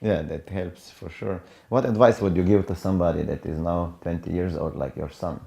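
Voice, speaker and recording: A man interviewer with a very deep, gravelly voice and a dark, mellow tone. He asks his questions slowly and steadily. He answers the guest with short, soft words of agreement. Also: fairly even intonation.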